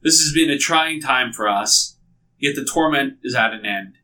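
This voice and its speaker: A man's voice: mid-range voice, moderate pace, bright, forceful tone, far from the mic, rough recording. A man voicing a proud scheming queen addressing a crowd in a grand, declaiming speech. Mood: grandly solemn.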